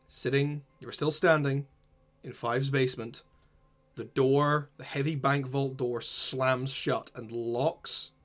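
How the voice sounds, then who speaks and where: A man narrating a tabletop role-playing game as game master, describing scenes slowly and deliberately. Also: medium pitch, bright, forceful tone.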